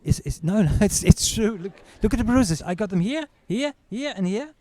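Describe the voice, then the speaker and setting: A man's voice: high-pitched, animated, dark tone, dry recording, pitched above the performer's own voice. A man voicing a timid teenage girl who speaks hesitantly, in a stand-up routine. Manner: hesitant, halting.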